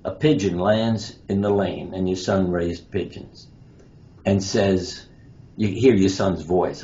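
Deep-voiced man telling stories, dull lo-fi sound. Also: gravelly, darkish tone. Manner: anecdotal, acts out quoted lines. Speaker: guest, pediatric surgeon and author. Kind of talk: interview storytelling. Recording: dull lo-fi sound with faint noise.

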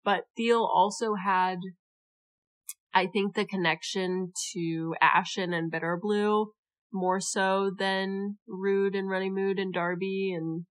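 A woman's voice: medium pitch, fairly even intonation, slow. A young woman co-hosting a book podcast in casual chat, playful and chatty, laughing mid-sentence. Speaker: podcast co-host.

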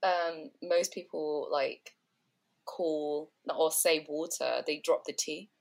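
A woman's voice: sits low, takes it slowly, gravelly. A woman with a South London accent, telling stories in a casual podcast chat. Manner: animated storytelling. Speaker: podcast co-host.

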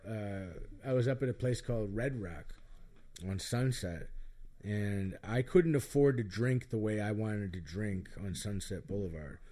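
A man's voice: fairly low pitch, animated, unhurried, warm tone. A middle-aged man telling candid, self-mocking stories in casual chat, rambling with lots of fillers. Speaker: podcast guest storyteller.

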